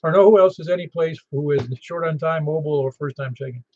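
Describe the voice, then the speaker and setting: A man's voice: a little high, quick pace, a little mellow. A man hosting a ham radio net in a chatty, easygoing way. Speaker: net control host. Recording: muffled radio audio.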